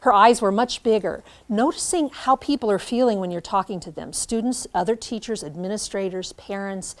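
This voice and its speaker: Animated woman giving a classroom lecture. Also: mid-range voice, normal speed. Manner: animated, demonstrates by acting out lines. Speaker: teacher educator.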